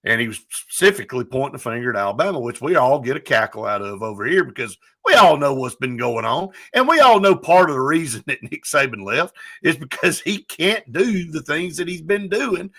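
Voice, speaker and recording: A man hosting a casual sports talk show, telling stories in an animated, opinionated way. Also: fairly high pitch, fairly quick, few pauses, breathy edge.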